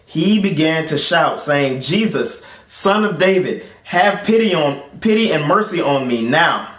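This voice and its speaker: A man hosting his own channel, reading scripture and then preaching in a casual, conversational way, jumping up in pitch when he acts out other voices. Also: fairly bright tone, echoey room. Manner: rises in pitch to act out crowd voices; conversational, with fillers and restarts. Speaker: host and preacher.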